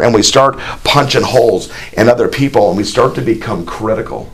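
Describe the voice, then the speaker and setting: A man's voice: mid-range voice, a little fast, few pauses, breathy edge. Man preaching a folksy sermon. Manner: folksy, conversational, with plain asides and imagined dialogue; reads scripture aloud in a raised, more animated voice.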